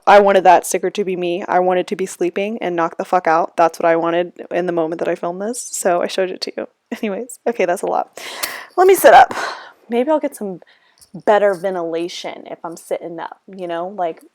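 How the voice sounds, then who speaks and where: A woman's voice: medium pitch, darkish tone, dry recording, studio quality. A young woman, chatting in a sassy, rambling voiceover, out of breath. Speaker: vlogger. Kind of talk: casual voiceover chat. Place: her room.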